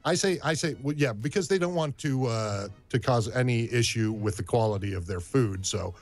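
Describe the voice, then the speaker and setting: A man's voice: mid-range voice, moderate pace, faint music behind. A man co-hosting a live stream in casual chat, reading the news and teasing the host with dry humor.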